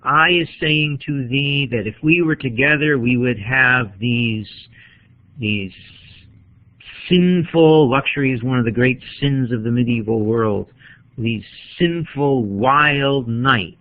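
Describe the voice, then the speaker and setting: Marking up a poem with his pen, a male teacher thinks aloud during a poetry lecture. He speaks at a measured pace in a mid-range voice, captured with a tinny, phone-like sound.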